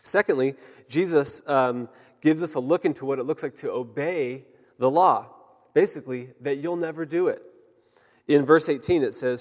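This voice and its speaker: Pastor preaching in a reverberant hall. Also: male voice, medium pitch, moderate pace. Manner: conversational storytelling, lively when acting out a story. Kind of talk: sermon.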